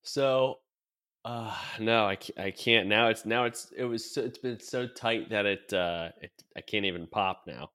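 A man's voice: fairly low pitch, measured pace, bright, forceful tone. A man co-hosting a casual podcast, joking and teasing his co-hosts. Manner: joking, teasing, laughs a lot. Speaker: podcast co-host.

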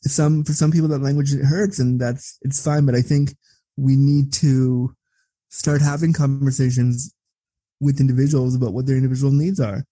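A man talking as an interview guest, blunt and profane, telling stories in a candid, animated way. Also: mid-range voice, moderate pace, no room sound. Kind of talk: candid conversational storytelling.

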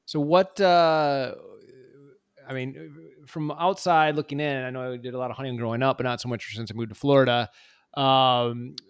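A man's voice: medium pitch, steady tone, moderate pace, clean tone. Laid-back man rambling on a podcast. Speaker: podcast co-host. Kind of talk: casual chat.

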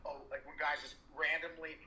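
Man, candid podcast co-host; tense, forceful voice; echoey room. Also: fairly high pitch, level tone, a little fast, slight background noise. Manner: rambling, emphatic and profane, with many restarts and fillers. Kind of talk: candid casual chat.

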